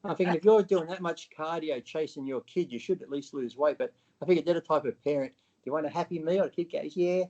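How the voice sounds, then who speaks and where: A man's voice: fairly high pitch, brisk, few pauses, warm tone, muffled recording. A man talking as an interview guest in a casual, blunt way, swearing freely and acting out what other people say.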